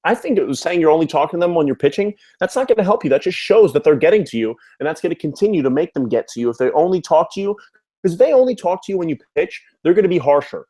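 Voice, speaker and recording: A young man co-hosting a casual sports talk show, talking in a measured, explanatory way. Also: a little high, lively intonation, mellow. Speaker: co-host.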